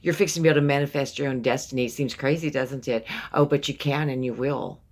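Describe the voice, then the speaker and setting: Low-pitched woman, tarot reader, affectionate, rambling, repeats words. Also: fast talker, a little mellow. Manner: affectionate, calls listener baby and honey. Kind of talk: casual tarot reading.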